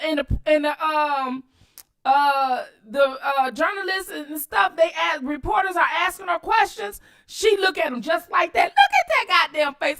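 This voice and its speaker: A woman hosting her own channel, giving loud, cussing commentary on video clips and talking straight to her viewers. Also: very high-pitched, moderate pace. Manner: animated, cussing, addresses viewers directly. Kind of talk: casual commentary while watching clips.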